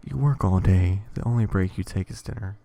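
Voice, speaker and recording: A man reading an interactive horror story aloud in a hushed, would-be ASMR tone, stumbling over words and stopping to joke. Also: low voice, a little fast, vocal fry. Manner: rambling, stumbles and self-corrects, jokes between lines. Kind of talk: casual reading with asides.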